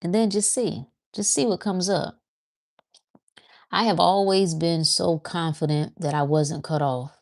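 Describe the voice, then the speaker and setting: Woman host, deep voice, rambling self-talk spiritual chat. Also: fairly even intonation, measured pace, creaky. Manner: conversational, repeats herself, talks to herself as she thinks aloud. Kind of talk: casual spiritual monologue.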